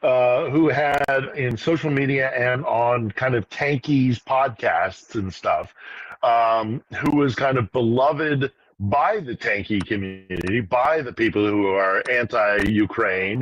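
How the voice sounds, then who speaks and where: A man's voice: mid-range voice, a bit bright, no echo, highs cut off. A man giving casual political commentary on a live stream, rambling with restarts and asides. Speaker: regular guest commentator. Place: in Ukraine.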